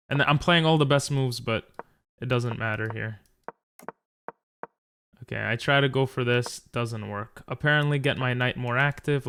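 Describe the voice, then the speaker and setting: A man's voice: medium pitch, a bit bright, smooth. A tired, frustrated man commentating his own chess game, thinking aloud and talking to viewers. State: tired from little sleep. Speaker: chess streamer.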